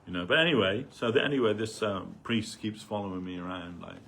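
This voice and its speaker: A man's voice: on the low side, lively intonation, a little fast, gravelly, fairly bright tone, a little hiss or hum. A man giving an informal spiritual talk at a temple gathering, rambling conversationally and peppering his stories with "you know".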